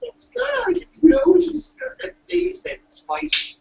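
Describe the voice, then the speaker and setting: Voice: very high-pitched, animated, slow pace, creaky, darkish tone, slight background noise. A speaker casually recapping an anime episode, rambling and restarting, acting out the characters' lines along the way. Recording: distant, dull lo-fi mic.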